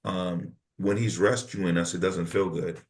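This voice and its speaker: A man's voice: low voice, steady tone, unhurried. A middle-aged man, a pastor and podcast guest, speaking in an emphatic, preacherly cadence while counseling in conversation.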